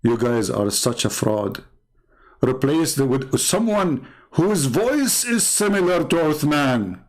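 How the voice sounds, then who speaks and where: A man's voice: a little high, big pitch swings, slow pace. Taunting man with a tinged voice. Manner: taunting, sarcastic, repeats words for emphasis. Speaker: online debate host. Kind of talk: mocking monologue.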